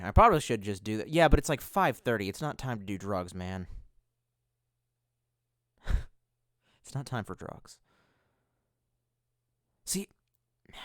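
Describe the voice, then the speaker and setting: A man's voice: fairly low pitch, fairly bright tone, no echo, clean studio sound. A man chatting casually and profanely on a livestream, rambling from one thought to the next with self-mocking asides. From United States. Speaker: streamer.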